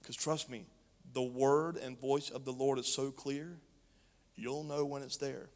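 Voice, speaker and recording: A man's voice: mid-range voice, level tone, a little slow, darkish tone. A male preacher reading scripture and preaching emphatically, speaking straight to his congregation. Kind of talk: sermon. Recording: long hall reverb.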